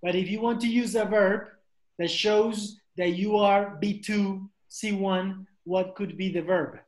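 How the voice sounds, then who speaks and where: A man's voice: high-pitched, steady tone, unhurried, echoey room. A man teaching an online English class, repeating questions and drilling pronunciation over a video call.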